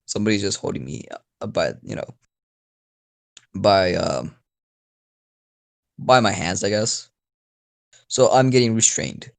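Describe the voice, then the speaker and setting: A man's voice: on the low side, big pitch swings, measured pace, vocal fry, long pauses. A man telling an improvised story in a rambling, profane, casual way, with frequent laughs. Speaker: storyteller YouTuber.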